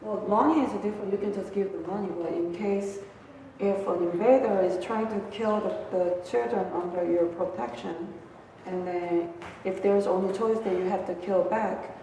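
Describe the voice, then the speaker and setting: A woman's voice: mid-range voice, fairly even intonation, moderate pace, dark tone, slight background noise. Distant woman asking, echoey room. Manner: hesitant questioning with fillers. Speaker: student asking questions. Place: meditation hall.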